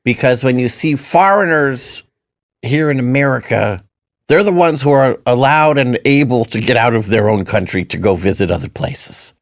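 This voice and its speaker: A man's voice: mid-range voice, normal speed, no room sound, clean studio sound. A man co-hosting a podcast, telling rambling anecdotes in casual chat and swearing now and then. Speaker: podcast co-host.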